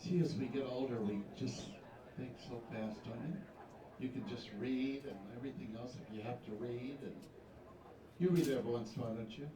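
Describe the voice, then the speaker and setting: Emceeing a pageant before a live audience in a large hall, a man with a medium-pitched voice speaks briskly, bantering and teasing the crowd and contestants with playful asides between questions. The recording is echoey, distant-miked, and noisy with the crowd.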